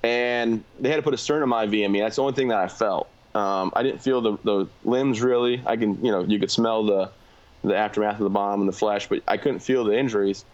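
A combat veteran appearing as a guest tells his story candidly and plainly, talking fast with many filler words. His voice is fairly low, and the sound quality is lo-fi.

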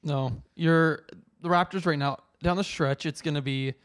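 A man's voice: a little high, steady tone, clear, resonant tone. A young man co-hosting a casual sports podcast, rambling with lots of fillers. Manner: quick rambling talk with many fillers. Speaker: podcast co-host.

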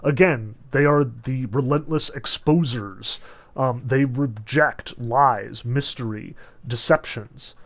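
A man lecturing casually on a book, his voice sitting at an ordinary middle pitch. He talks loosely, full of filler words and quick restarts, and presses hard on the points he wants to drive home. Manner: emphatic when stressing points. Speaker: literature lecturer. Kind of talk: casual lecture on a novel, reading passages aloud.

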